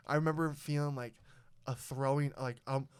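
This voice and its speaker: Profane storytelling man with a smooth voice. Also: medium pitch, normal speed. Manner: profane, animated storyteller who acts out quotes. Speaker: podcast host. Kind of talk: casual podcast storytelling.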